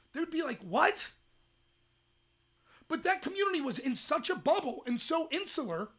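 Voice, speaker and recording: A young adult man hosting a livestream, ranting in rapid, emphatic commentary. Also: very high voice, bright, forceful tone. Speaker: host.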